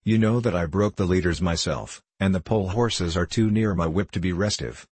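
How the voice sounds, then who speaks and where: A man voicing a loud, blustering, joking sleigh driver in a storybook reading. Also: deep voice, a little fast, husky, no echo. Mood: indignant.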